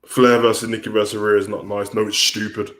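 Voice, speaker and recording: A man's voice: on the low side, flat delivery, brisk, fairly bright tone. A man hosting a livestream, ranting bluntly and casually with many restarts. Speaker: wrestling commentator and livestream host. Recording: roomy echo.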